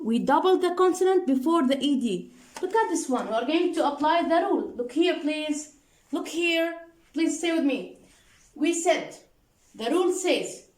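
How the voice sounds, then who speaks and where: A woman teacher walks students through grammar rules in a patient, repetitive way, often pausing to ask if they follow. Her voice sits high. The sound carries an echoey room around it. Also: darkish tone. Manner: patient, repeats points and checks understanding with "okay?" and "deal?"; spells out letters one by one and restates rules slowly.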